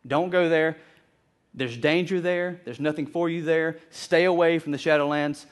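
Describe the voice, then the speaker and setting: Guy doing a wise dad lion king, stern, warning voice, kinda high. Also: fairly even intonation, normal speed, close to an everyday voice. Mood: solemn.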